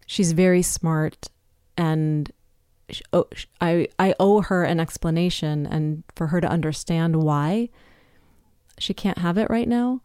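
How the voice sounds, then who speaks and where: Speaking a little slowly, this fifties-aged woman runs her own podcast alone, candid, chatty and quick to poke fun at herself. She has a fairly low, dark, clear and resonant voice, captured dry at studio quality.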